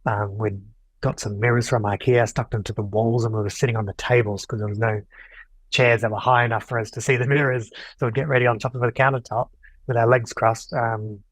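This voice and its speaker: A man's voice: mid-range voice, fairly quick, no room sound, low-quality recording. Young man, dry close sound. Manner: animated, acts out quoted dialogue. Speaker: podcast guest. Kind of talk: casual storytelling.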